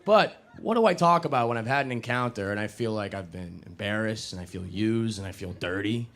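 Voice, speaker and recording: A young man doing a stand-up comedy set on a club stage, self-mocking and animated, jumping into loud put-on voices. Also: fairly low pitch, a little fast.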